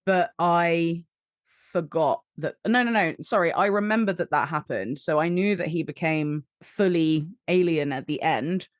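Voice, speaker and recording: A woman's voice: lowish voice, unhurried, dry recording, clean studio sound. A woman guesting on a film podcast, bubbly and giggly, hesitating as she recalls things. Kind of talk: casual film podcast chat.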